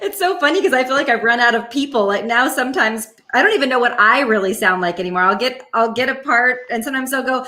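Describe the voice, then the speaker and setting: Woman, voice actress guest, playful storyteller, bright tone, somewhat high voice. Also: lively intonation, fast talker. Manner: playful storyteller, often laughing, slips into voices. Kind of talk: casual interview chat.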